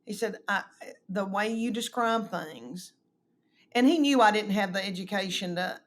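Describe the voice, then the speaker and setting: A woman's voice: mid-range voice, measured pace. Lady chatting casually, tells stories with lots of voices. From East Tennessee, US. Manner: animated storyteller doing quoted voices. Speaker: comedian guest. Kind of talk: casual chat, storytelling.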